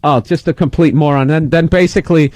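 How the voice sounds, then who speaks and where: Animated man telling a story, high voice. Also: a little fast, no room sound. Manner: animated, acts out the other people in his story. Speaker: comedian guest. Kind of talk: storytelling in casual radio chat. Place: radio studio.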